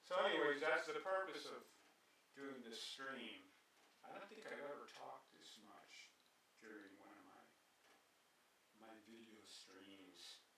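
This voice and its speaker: A man's voice: medium pitch, animated, unhurried, noisy background. A man painting during a live stream, chatting casually and thinking aloud as he works. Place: painting studio. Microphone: camera on a tripod. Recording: very echoey room, mic far off.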